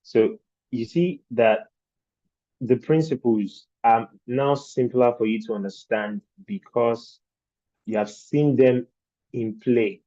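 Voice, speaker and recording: A man's voice: medium pitch, takes it slowly, mellow, no echo, highs cut off. A man teaching design principles in a virtual training session, explaining patiently and asking rhetorical questions of his class. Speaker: design instructor.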